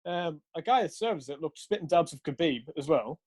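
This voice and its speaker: A man's voice: on the high side, expressive, normal speed, darkish tone. A young man casually telling a rambling story, swearing often and laughing along. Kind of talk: casual chat.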